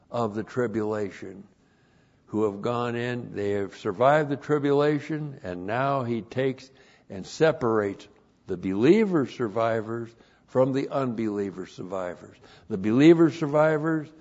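A man preaching an expository sermon, emphatic, rising loud on key phrases and slowing down to stress single words. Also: medium pitch, lo-fi sound. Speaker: pastor.

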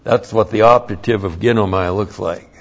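A man teaching a Bible lesson slowly and emphatically, repeating each key point. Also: fairly low pitch, fairly even intonation. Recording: dull lo-fi recording.

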